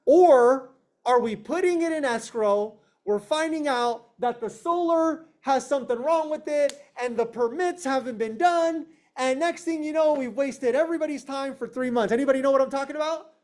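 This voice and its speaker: A man's voice: extremely high pitch, normal speed, darkish tone. Confrontational man coaching a sales team. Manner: confrontational, emphatic, asks the room questions; acts out clients and agents in quoted voices. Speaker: real estate team leader. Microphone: online meeting, speaking to a video call.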